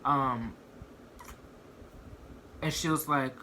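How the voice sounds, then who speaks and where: Young male vlogger, bright forward tone, chatty rambling storyteller with constant fillers. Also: medium pitch, fairly even intonation, takes it slowly, a little hiss or hum. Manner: rambling, heavy use of "like" and "you know what I mean". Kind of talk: casual storytime.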